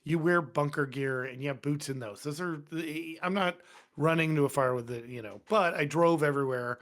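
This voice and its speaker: A man's voice: a little high, moderate pace. A man, a firefighter, telling long stories in blunt casual talk full of swearing, voicing the people in them. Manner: profane, blunt and animated. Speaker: podcast guest, firefighter. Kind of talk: casual storytelling. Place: podcast studio.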